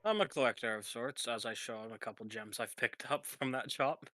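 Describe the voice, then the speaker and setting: A man's voice: medium pitch, a little fast, sharp tone. A man playing a tabletop game who asks direct, pragmatic questions. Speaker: player.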